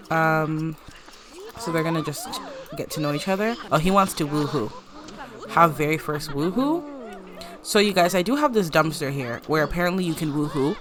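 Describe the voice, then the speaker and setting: Young woman, low-ish voice, chatty let's-play commentator, giggles often, crowd noise in the background. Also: lively intonation. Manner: chatty, giggly, narrates characters' lines in quick playful voices. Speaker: gameplay commentator.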